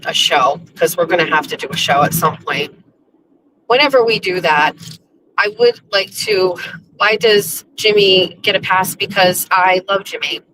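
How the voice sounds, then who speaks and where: A woman's voice: medium pitch, background noise. A woman hosting a casual livestream from her car while driving, chatting in a rambling way with restarts and laughs. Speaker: livestream host. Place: in a car on the road.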